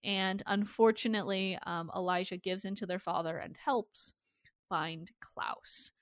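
A woman's voice: mid-range voice, fairly even intonation, unhurried, no echo, clean studio sound. A woman co-hosting a casual TV recap podcast, chatty and swearing freely as she acts out lines from the episode. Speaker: podcast co-host.

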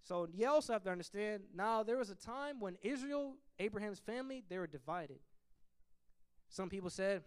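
A man leading a Bible study, teaching in an animated way and acting out biblical figures in quick asides. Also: high-pitched, smooth.

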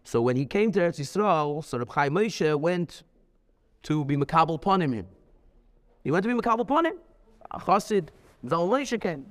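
Animated man lecturing in a reverberant hall. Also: a little high, moderate pace, long pauses. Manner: emphatic, animated, with frequent repeats. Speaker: Torah teacher. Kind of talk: lively lecture with storytelling.

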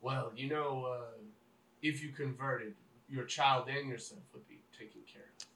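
A man voicing a male cult missionary who talks softly and persuasively. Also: medium pitch, fairly even intonation, measured pace. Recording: roomy echo, mic at a distance.

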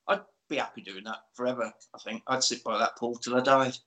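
Speaking fairly quickly in a steady, mid-range voice that sounds bright and forceful, this man hosts a podcast and casually walks his friends through an action film. He's a playful storyteller, performing the movie's lines in put-on voices. The recording is poor.

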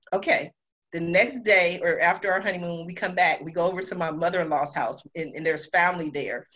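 A woman hosting a podcast interview in casual chat, animated and laughing, jumping high and low and going off on tangents. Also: poor audio. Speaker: podcast host.

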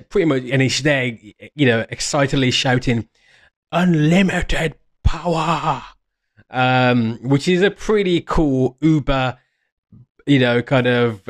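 A man giving a casual fan explainer monologue, meandering and restarting mid-phrase with enthusiasm. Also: mid-range voice. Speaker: fan commentator.

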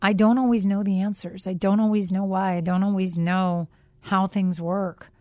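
A woman hosting a faith podcast, telling a personal story in an earnest, reflective way with pauses. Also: mid-range voice, flat delivery, mellow, no echo, clean studio sound. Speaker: podcast host.

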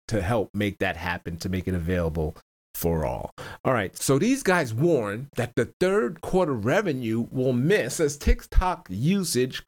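A man hosting a casual stock-trading video, talking over his screen in a rambling way, often repeating words, backtracking and chuckling between points. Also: medium pitch. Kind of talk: casual screen-share market commentary.

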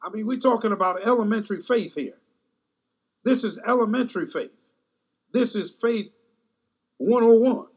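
Husky high-voiced male preacher. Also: normal speed, pauses often, highs cut off. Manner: emphatic, repeats phrases and questions the congregation. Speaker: pastor. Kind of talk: sermon with closing prayer.

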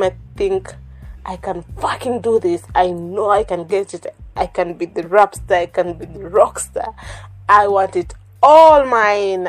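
A woman's voice: mid-range voice, darkish tone. A woman hosting her own podcast in a candid, emotional monologue, repeating words and swearing freely. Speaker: podcast host.

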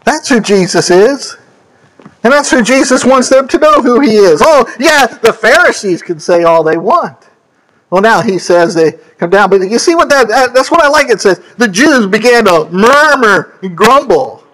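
A high-voiced man delivers a sermon. He leans hard on single words and sweeps from loud, high lines down to hushed low ones, stopping now and then to fix a verse number. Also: big pitch swings, measured pace, low-quality recording. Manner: emphatic, swooping between high and low; scripture quotes and self-corrections. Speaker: preacher.

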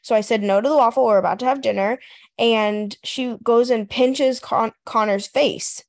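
A woman's voice: fairly high pitch, steady tone, normal speed. A woman in her thirties co-hosting a parenting podcast, chatting casually, laughing often and acting out what she says to her kids. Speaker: podcast co-host. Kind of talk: casual chat.

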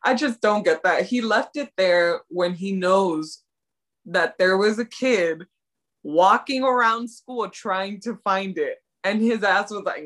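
A young woman co-hosting a casual chat, excitedly retelling scenes in slangy talk. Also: mid-range voice, slow. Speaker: podcast co-host. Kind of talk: casual chat recapping a drama.

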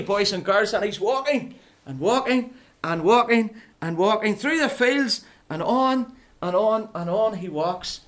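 A preacher tells a story to a group of children. The delivery is lively and playful, with questions put to the young listeners all the way through. The voice sits at an ordinary middle pitch. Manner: playful, animated, keeps asking the children questions. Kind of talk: children's Bible story talk.

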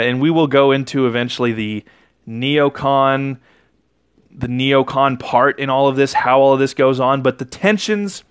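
Male podcast host, fairly high voice, casual rambling commentary, dry room. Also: clean tone, no room sound. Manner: rambling, with frequent self-corrections. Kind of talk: casual political commentary monologue.

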